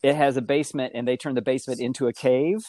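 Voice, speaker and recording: A middle-aged man telling his life story in casual conversation, animated and acting out the voices he quotes. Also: quick pace, no echo. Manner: animated, acts out quoted voices with big pitch jumps.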